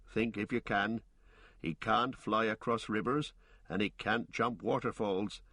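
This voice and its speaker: A man's voice: lowish voice, fairly even intonation, measured pace, a bit bright, breathy edge, dry recording, clean studio sound. A man voicing a loyal, stout-hearted male hobbit servant with blunt, rustic speech. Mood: self-urging.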